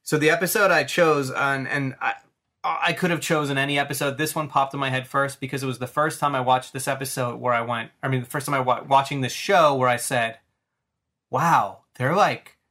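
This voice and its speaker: A man in his thirties chatting on a podcast with a bright, forceful tone. He talks with eager enthusiasm, rambling and acting out the story as he goes. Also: medium pitch, steady tone, a little fast. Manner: enthusiastic, rambling, acts out scenes. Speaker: podcast host. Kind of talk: casual chat.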